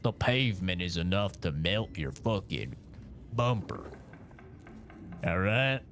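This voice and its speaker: A man's voice: sits low, big pitch swings, takes it slowly, a bit bright. Rambling American man streaming. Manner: rambling, joking, swears freely. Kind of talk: casual live-stream chat.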